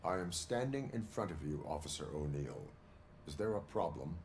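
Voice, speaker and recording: A stoic cyborg lawman from a video game, flat and formal in every word. The voice sits very low. Loud noise runs under the game audio. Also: moderate pace. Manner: flat, formal, mechanical delivery. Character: RoboCop, stoic male cyborg police officer.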